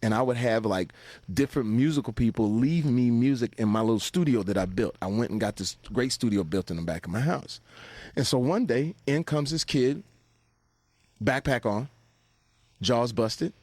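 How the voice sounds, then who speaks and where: A man telling stories in a casual, animated way, swearing freely, laughing often and acting out other people's lines. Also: mid-range voice, moderate pace, no room sound. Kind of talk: casual anecdotal storytelling.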